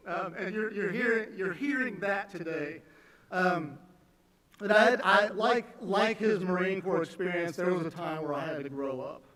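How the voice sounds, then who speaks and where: A man speaking as a son giving a eulogy at a memorial. He is emotional and halting, restarting often between fillers. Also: high-pitched, a bit bright. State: emotional, on the edge of tears. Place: large church sanctuary. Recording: echoey church from a distance.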